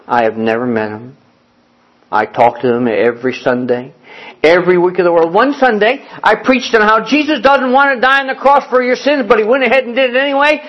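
A middle-aged male pastor tells a story from the pulpit in a folksy, lively way, slipping into the voices of the people in it. His voice sits at an ordinary pitch for a man. The recording sounds a little dull and muffled. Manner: folksy, animated storytelling with acted-out phone dialogue. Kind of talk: sermon storytelling.

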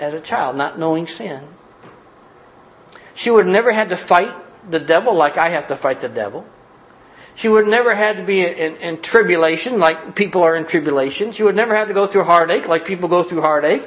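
A middle-aged man preaching a sermon as pastor, folksy and direct, swinging from loud urgent bursts to soft hushed lines. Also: sits high, expressive, brisk, highs cut off. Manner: folksy, talks straight to the listeners.

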